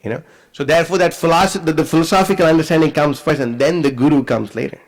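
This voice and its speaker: A man's voice: a little high, steady tone, fast, low-quality recording. A man leading an informal scripture class, talking it through and often asking if listeners understand. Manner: conversational, repeats questions to check understanding. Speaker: devotee teacher leading a class.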